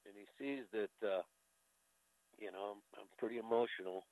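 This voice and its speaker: An older American man with a very deep voice tells a personal story as a veteran in a conversation. He talks candidly and emotionally and swears casually. The recording is close and dry. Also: normal speed, darkish tone, no echo, poor audio. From United States. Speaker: veteran telling his story.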